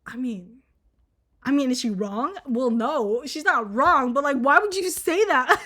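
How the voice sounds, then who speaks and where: A woman's voice: high voice, measured pace, sharp tone. A young woman from Vietnam telling a personal story in a rambling, profane, laugh-filled casual way. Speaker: vlogger.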